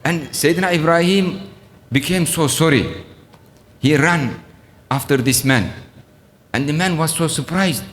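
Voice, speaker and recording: A middle-aged man giving an ethics lecture, speaking in a halting way with frequent pauses and soft chuckles. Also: a little high. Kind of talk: Islamic ethics lecture retelling a story. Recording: long reverb of a lecture hall.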